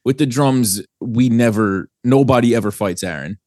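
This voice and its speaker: A man's voice: mid-range voice, moderate pace, darkish tone, dry recording, clean studio sound. A young man from New Jersey, a guest, chatting casually on a podcast in a laid-back, rambling way and swearing freely. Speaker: guest, band singer.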